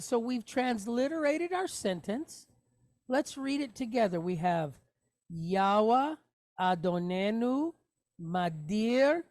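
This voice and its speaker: A woman's voice: fairly high pitch, a little mellow, dry recording. A woman teaching a Hebrew lesson to a class, explaining patiently step by step and often checking that everyone follows.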